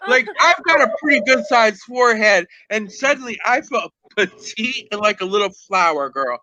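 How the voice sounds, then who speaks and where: Host, male, high bright voice, sassy gossip chat, theatrical asides. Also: animated, moderate pace, no echo, lo-fi sound. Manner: sassy, theatrical, calls people girl and honey.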